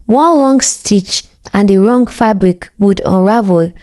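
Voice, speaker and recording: Brief: woman storyteller, scripted narration, warm mellow tone, middle pitch. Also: slow.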